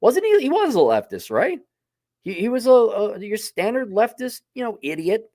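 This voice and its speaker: A man's voice: high voice, huge pitch swings, normal speed, mellow, no echo, studio quality. A man hosting a casual opinion monologue, talking in a blunt, sardonic, profane way. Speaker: host.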